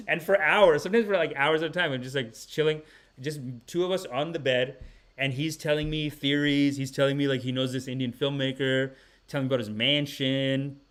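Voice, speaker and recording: A man hosting a comedy podcast, telling rambling casual stories with animated energy and frequent laughter. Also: medium pitch, a little fast. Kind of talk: casual comic storytelling.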